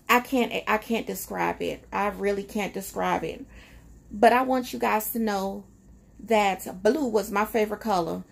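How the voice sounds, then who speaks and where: In a personal vlog, a woman with a gravelly, medium-pitched voice talks casually and reflectively. She sounds conversational and emotional, with lots of fillers.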